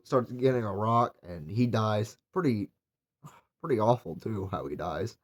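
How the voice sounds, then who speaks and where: A man's voice: lowish voice, lively intonation, measured pace. A young man recapping and reviewing a horror movie in a casual, rambling way, with lots of fillers and eager praise. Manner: rambling, filler-heavy, enthusiastic.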